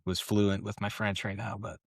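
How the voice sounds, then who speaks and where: Relaxed middle-aged man telling stories. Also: on the low side, normal speed, gravelly, no room sound, clean studio sound. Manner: relaxed, anecdotal, swears casually. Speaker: guest, retired Special Forces colonel. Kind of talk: casual conversational storytelling. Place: podcast studio.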